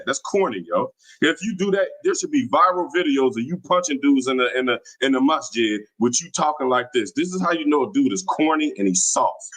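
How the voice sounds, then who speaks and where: A man's voice: mid-range voice, fairly bright tone, poor audio. A man hosting a livestream, talking in a combative, taunting, slangy way. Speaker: livestream host. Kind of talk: casual livestream talk. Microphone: streaming mic.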